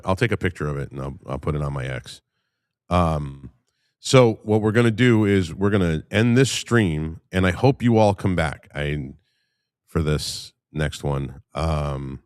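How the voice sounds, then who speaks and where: A man's voice: rumbling low, unhurried, a little mellow, no room sound, studio quality. A man hosting a live stream, chatting casually and telling loose, profane stories to his viewers. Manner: loose, rambling and profane storytelling. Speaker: livestream host. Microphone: streaming microphone.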